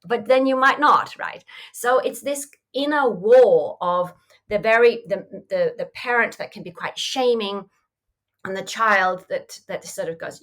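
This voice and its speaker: A woman's voice: mid-range voice, measured pace, fairly bright tone. A woman coach answering interview questions in a reflective, conversational way, often saying "you know". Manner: reflective, acts out inner voices in quotes, frequent "you know". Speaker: mindfulness coach, podcast guest.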